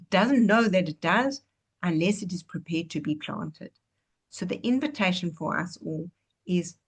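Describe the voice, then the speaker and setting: A woman giving an earnest, reflective inspirational teaching over a video call, telling stories as she goes. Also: mid-range voice. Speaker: guest teacher.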